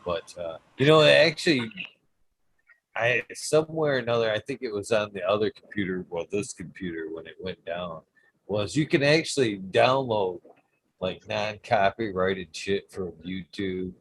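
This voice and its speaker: A man's voice: lowish voice, lively intonation, moderate pace, fairly bright tone, slight background noise, rough recording. A man hosting a podcast, talking casually in a meandering, hesitant way. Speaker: podcast host. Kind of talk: casual chat.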